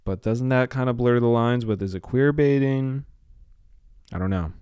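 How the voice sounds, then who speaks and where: A man's voice: mid-range voice, normal speed, dark tone, clear, resonant tone, no echo, studio quality. A man hosting his own podcast, rambling casually with a slight lisp and drifting off topic and back. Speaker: podcast host.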